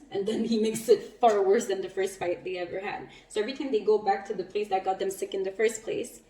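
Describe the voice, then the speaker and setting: A woman giving a casual spiritual tarot reading, chatty and quick to laugh, with some casual swearing. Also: mid-range voice, mellow. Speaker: tarot reader. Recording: roomy echo, mic at a distance.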